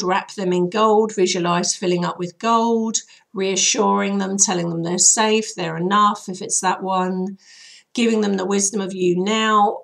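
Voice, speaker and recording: A woman healer hoarsely guiding listeners through an emotional release process in a chatty, rambling way, with many fillers. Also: medium pitch, a bit bright. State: voice hoarse and troubled. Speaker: healer and channel host. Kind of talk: casual spoken guidance.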